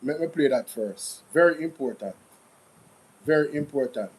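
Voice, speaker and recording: A Jamaican man hosting a casual commentary show, talking in an animated, repetitive, mocking way. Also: a little high, normal speed, breathy edge, low-quality recording. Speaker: commentary channel host.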